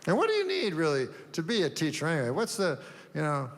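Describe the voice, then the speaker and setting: A man doing a stand-up routine, deadpan and rambling, with long meandering setups and offhand asides. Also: fairly high pitch, fast talker, slight background noise. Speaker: stand-up comedian. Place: comedy stage before a live audience. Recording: live room reverb, faint ambience.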